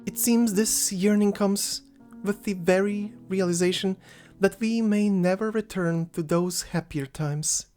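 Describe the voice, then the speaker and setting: A man's voice: high-pitched, fairly even intonation, a little slow, darkish tone, soft background music, pitched above the performer's own voice. A man voicing a shy young woman addressing a crowd, in a raised, slightly strained voice. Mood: wistful.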